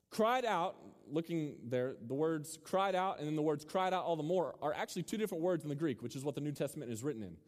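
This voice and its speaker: A young man gives a relaxed, joking sermon and keeps tossing questions out to the room. His voice sits a little high for a man. A long reverb trails after each phrase in the big hall. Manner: casual, joking, quizzes the audience. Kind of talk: sermon to a student crowd. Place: large hall with a live audience.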